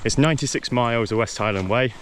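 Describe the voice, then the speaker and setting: A man's voice: mid-range voice, fast talker. Guy chatting on a hike, lots of ums, outdoors with a bit of rural background noise. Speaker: vlogger walking a long-distance trail. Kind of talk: casual walking vlog commentary.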